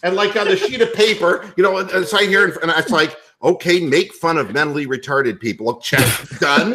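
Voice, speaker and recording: A man hosting a sports talk show, ranting loudly and profanely with a comedic bent. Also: fairly high pitch, moderate pace, hardly any pauses, slight background noise. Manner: loud, profane, animated ranting. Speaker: podcast host.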